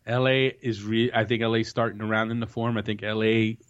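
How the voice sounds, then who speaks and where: On a dull, lo-fi recording, a soccer podcast host with a lowish voice and flat delivery talks a little fast. He chats casually, confidently predicts matches, and frequently starts his sentences over.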